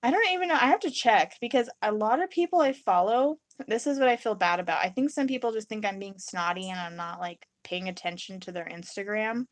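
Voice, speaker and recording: A woman's voice: medium pitch, a little fast, hardly any pauses, no room sound. A young woman live-streaming her resin crafting in a casual, rambling chat. She reads and answers viewers' comments and acts out her own reactions in little quotes.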